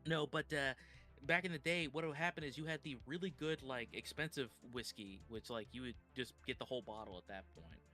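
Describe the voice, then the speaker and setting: A man's voice: mid-range voice, brisk, sharp tone, faint music behind. A man hosting a reaction stream, talking casually and swearing freely while telling stories.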